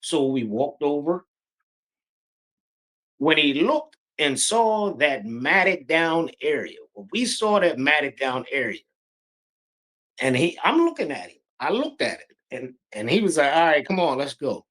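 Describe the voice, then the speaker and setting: A middle-aged man from Pennsylvania telling a true encounter story in a halting, breathless, vivid way. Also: a little high, big pitch swings, a bit bright. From Pennsylvania, USA. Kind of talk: animated personal storytelling.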